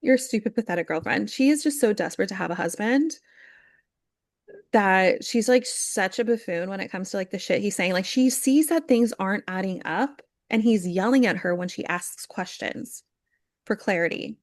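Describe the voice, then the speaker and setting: Young woman podcast co-host, chatty and gossipy, dry close sound, medium pitch. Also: normal speed, no room sound. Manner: chatty, animated, acts out quotes with lots of "like". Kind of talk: casual chat recapping reality TV.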